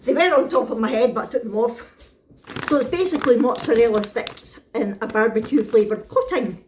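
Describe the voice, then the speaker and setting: A woman's voice: fairly high pitch, fairly quick, darkish tone, slight background noise. A Scottish woman, middle-aged, chatting casually to camera in a family vlog, rambling with lots of ums and little laughs. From Scotland. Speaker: vlogger.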